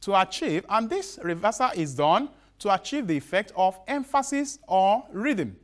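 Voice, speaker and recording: A male teacher with a high, sing-song voice presents a broadcast literature lesson, repeating each definition slowly and restarting haltingly.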